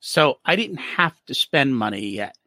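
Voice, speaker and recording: Guy on a podcast acting out little back-and-forths, swoopy lively voice, bright tone. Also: medium pitch, unhurried, no room sound, clean studio sound. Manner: animated, acts out little dialogues. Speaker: business profitability guest. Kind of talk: casual interview explaining.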